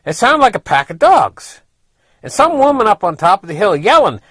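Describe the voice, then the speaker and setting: A man's voice: fairly high pitch, sing-song, moderate pace, fairly bright tone, husky, no room sound. A middle-aged man casually telling a personal story, rambling along with lots of "you know" and frequent chuckles.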